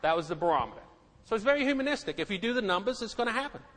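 Middle-aged male preacher, high voice, emphatic, repeats himself; hall echo. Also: sing-song, rapid-fire, a bit bright. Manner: emphatic, repeats words, asks the congregation questions. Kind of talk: sermon. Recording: echoey hall.

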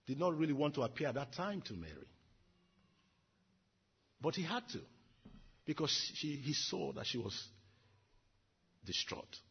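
A man's voice: on the high side, sing-song, moderate pace, vocal fry, long pauses, husky, dull audio. A man preaching an earnest sermon, repeating and building his phrases. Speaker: pastor.

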